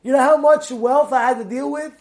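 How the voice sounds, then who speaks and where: A man's voice: extremely high pitch, steady tone, brisk, voice pushed up. A man voicing a boastful rich man who complains about his wealth.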